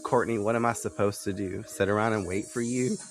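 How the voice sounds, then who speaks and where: A young man co-hosting a casual podcast, animated and giggly, swearing casually as he chats. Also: fairly low pitch, brisk, faint music behind. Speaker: podcast co-host.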